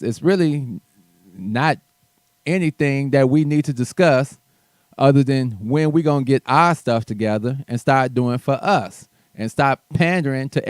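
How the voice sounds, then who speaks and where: A man's voice: medium pitch, darkish tone, no echo. A man hosting his own show, ranting bluntly and profanely in a heated commentary monologue with mocking asides. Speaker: show host.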